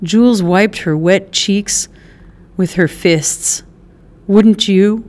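A woman reading a novel aloud as an audiobook narrator, measured and unhurried. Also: on the low side, a little mellow. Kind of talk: scripted narration.

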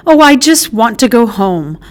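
A woman voicing a prim, fussy dog owner in a storybook reading, high-strung and shrill. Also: sing-song, unhurried. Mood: flustered.

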